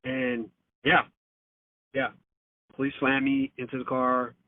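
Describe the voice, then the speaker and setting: A man with a medium-pitched, monotone voice tells a story slowly on a phone call as a podcast guest, peppering it with swearing and fillers and acting out quotes. The phone line sounds tinny and dry, with no room sound.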